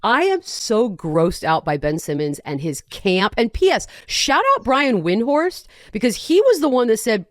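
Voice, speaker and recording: A woman hosting a podcast in casual chat, animated and sarcastic, often breaking into rants. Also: a little high, a little slow, few pauses, dry recording, studio quality. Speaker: podcast host.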